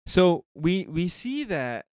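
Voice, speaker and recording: A man co-hosting a casual faith discussion who speaks in a thoughtful, halting, earnest way. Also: sits high, very animated, darkish tone, clear, resonant tone, no echo. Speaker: podcast co-host.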